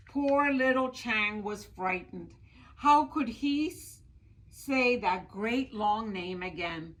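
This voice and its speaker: A woman library storyteller reading a picture book aloud to children, expressive and asking them questions. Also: medium pitch, low-quality recording. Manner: expressive, slow, asks listeners questions.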